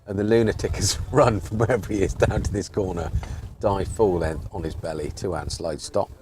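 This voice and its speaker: A man's voice: low voice, steady tone, normal speed. A man giving chatty, joking live cricket commentary. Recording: faint background noise.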